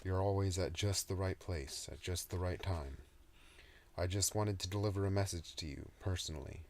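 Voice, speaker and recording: A man voicing an ancient male demon with a deep, soothing, mock-polite manner in an audiobook reading. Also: moderate pace, a little mellow, slight background noise. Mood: gloating.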